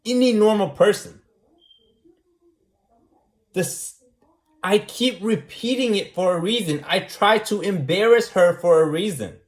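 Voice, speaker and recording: A man's voice: high voice, a little slow, pauses often. Repetitive ranting man, echoey room. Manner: repetitive, argumentative, keeps asking "right?". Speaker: vlogger. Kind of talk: casual monologue.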